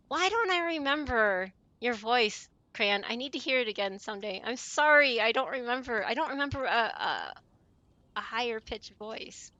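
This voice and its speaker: On voice chat with friends, a streamer speaks in a chirpy, bright voice that's a little high and forceful. She chats a lot, keeps apologizing and laughs quickly.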